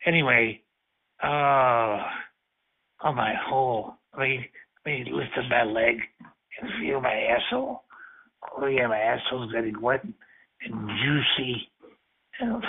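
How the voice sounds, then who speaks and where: A man on a chatline call, talking slowly and emotionally, rambling and moaning. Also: mid-range voice, expressive, gravelly, slightly rough. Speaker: chatline caller. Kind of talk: explicit phone chat. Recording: tinny phone line.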